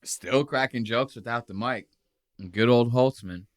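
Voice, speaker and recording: A man's voice: mid-range voice, measured pace. A man hosting a podcast, casually commenting on comedy clips in a crude, joking way. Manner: crude, joking, animated storytelling. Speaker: podcast host.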